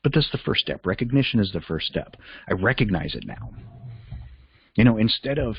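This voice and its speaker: Guy with a deep husky voice, chatty self-help reflection, sounds kinda muffled. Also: expressive, normal speed, no echo. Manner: candid, conversational, thinks aloud with restarts. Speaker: podcast host and life coach.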